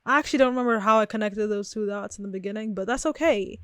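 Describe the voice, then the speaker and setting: A woman's voice: a little high, fairly quick, hardly any pauses, fairly bright tone, dry recording, clean studio sound. A young woman vlogging from her bedroom in a chatty, rambling, self-reflective way, laughing often. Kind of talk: casual chat to camera.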